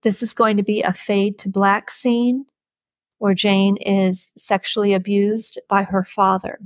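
A woman reading a novel aloud as an audiobook narrator, with steady, measured storybook narration. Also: medium pitch, dry recording.

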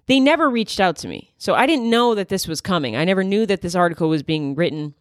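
A woman's voice: on the low side, lively intonation, fast talker, no room sound, clean studio sound. A woman in her thirties, a comedian hosting her own podcast, riffing in a wry, candid monologue full of asides. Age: 30s.

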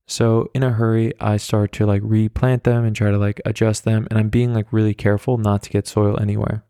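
A man hosting a solo podcast, telling rambling, self-deprecating stories in his flat with many fillers, carrying a handheld mic around as he walks. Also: lowish voice, fairly quick, clean tone, dry recording, studio quality. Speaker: podcast host. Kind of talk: casual solo storytelling. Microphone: handheld mic carried around.

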